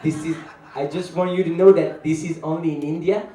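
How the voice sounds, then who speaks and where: A man's voice: fairly high pitch, fairly even intonation, fairly quick, mellow. A young man with a French accent joking with the crowd as a guest actor at a film event. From France. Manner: jokey, laughs through lines. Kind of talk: playful stage remarks. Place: event stage with an audience. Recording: echoey event hall, from far off.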